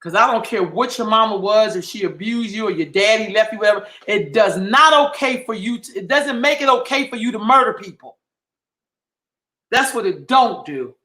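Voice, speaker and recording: Man, high-pitched voice, sharp and bright tone, heated profane livestream rant, emphatic repetition, echoey room. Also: expressive, moderate pace. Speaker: livestream host. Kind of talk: impassioned livestream monologue.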